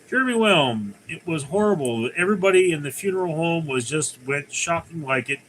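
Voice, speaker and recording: A man's voice: medium pitch, a bit bright, slight background noise, rough recording. A man hosting a casual livestream, reading viewer comments aloud and answering them in a rambling, conversational way. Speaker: livestream host.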